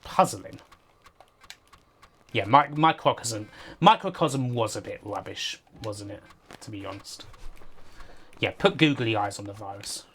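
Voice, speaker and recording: A woman's voice: rumbling low, expressive, a little slow, long pauses, fairly bright tone, breathy edge. A woman giving casual live-stream commentary on games, sardonic and sweary, often laughing. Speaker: game streamer.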